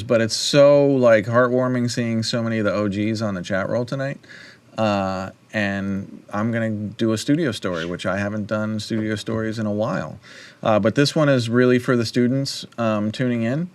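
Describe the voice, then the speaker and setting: A man in his fifties hosting a livestream, telling a casual studio story and acting out the voices of people he quotes. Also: fairly low pitch. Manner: animated, acts out quoted voices. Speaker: livestream host.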